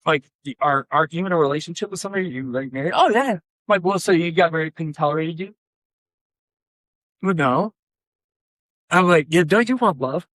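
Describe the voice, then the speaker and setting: A man's voice: a little high, brisk, pauses often, fairly bright tone, dry recording. A man, a pastor, giving a conversational workshop talk, animatedly telling stories and acting out both sides of conversations. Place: conference room.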